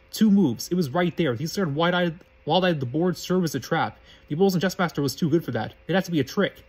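A man's voice: a little high, husky, rough recording. A man reading a fan fiction story aloud as narrator in a plain, matter-of-fact way.

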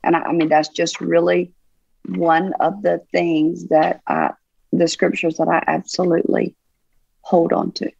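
A woman pastor with a Southern US accent, speaking in a relaxed, affectionate way during an interview. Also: on the low side, creaky, no echo, muffled recording. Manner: affectionate, unhurried with fillers. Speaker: pastor and guest. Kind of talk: casual interview chat.

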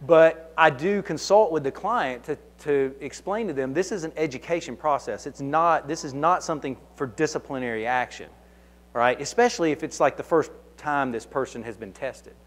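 A Southern-accented man with a slightly higher voice takes audience questions at a conference talk. He speaks conversationally and tells anecdotes, often restarting mid-sentence. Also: moderate pace. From Kentucky. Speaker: conference speaker, security consultant. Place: conference hall.

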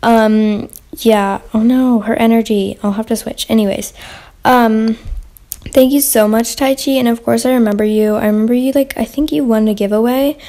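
A woman's voice: fairly high pitch, steady tone, normal speed, warm tone. A young woman hosting a casual gaming Q&A vlog, chatty and rambling with lots of fillers and restarts. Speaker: channel host.

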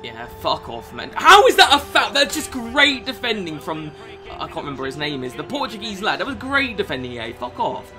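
A young man giving gameplay commentary, swearing constantly and swinging from low muttering to outbursts. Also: very animated, normal speed, over music. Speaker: gaming YouTuber.

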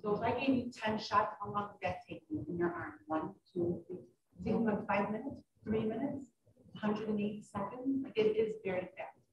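A woman doctor giving an informal question-and-answer talk, who tells stories lively and acts out her patients' voices. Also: mid-range voice, moderate pace, noisy background. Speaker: urogynecologist giving a library talk. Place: library meeting room. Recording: echoey room, distant dull mic.

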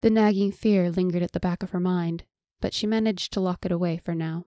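A woman narrating a fantasy audiobook in measured, scripted storytelling. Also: lowish voice, steady tone, mellow, no echo, clean studio sound.

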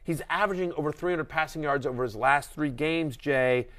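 A middle-aged man hosting a fantasy football show, talking fast and animated, acting out voices as he rants. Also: a little high. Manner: animated, ranting, acts out quoted voices. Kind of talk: excited sports analysis chat.

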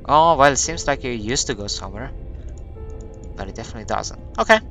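A man's voice: medium pitch, expressive, brisk, fairly bright tone, soft background music. A man playing a video game, reading its text aloud and thinking aloud in a hesitant, musing way. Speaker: let's play gamer.

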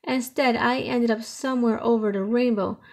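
Talking storybook jukebox, female, folksy and lonesome, read by a woman, gravelly voice. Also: on the high side, steady tone, moderate pace, a little mellow, natural voice. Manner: folksy, lamenting.

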